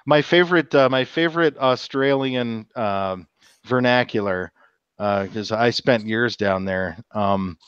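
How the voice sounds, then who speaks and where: Man, livestream host, crude joking storyteller, smooth resonant voice, dry sound. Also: mid-range voice, unhurried, a bit bright, no room sound, highs cut off. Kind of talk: casual chat on a livestream.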